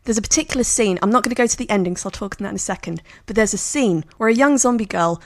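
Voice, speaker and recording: A woman in casual conversation, describing a film she picked in an expressive, storytelling way. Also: medium pitch, racing, no room sound. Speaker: podcast co-host.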